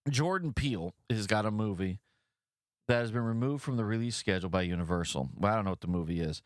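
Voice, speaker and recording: A man's voice: lowish voice, fast talker, no echo, clean studio sound. A man hosting a podcast, giving blunt, profane opinion commentary on news stories and ranting with mock voices for the people he criticizes. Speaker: podcast host.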